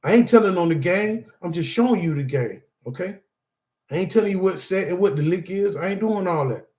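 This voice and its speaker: This middle-aged man's high-pitched voice is expressive, brisk, and a little mellow, with reverb around it. He teaches anger management through personal testimony, talking with emphasis, repeating himself, and addressing the audience as "y'all."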